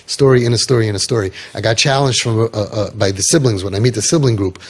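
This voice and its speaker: A man's voice: on the low side, quick pace, darkish tone, husky. A man coaching parents in an impassioned talk, telling stories and firing off rhetorical questions with emphasis.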